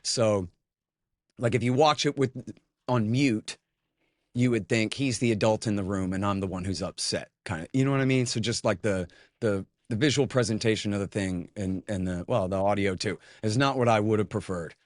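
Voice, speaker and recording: Casting note: tired, cranky male guest, low-pitched, rambling and blunt, dry close sound. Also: moderate pace, no room sound. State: tired from lack of sleep. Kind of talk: casual conversation.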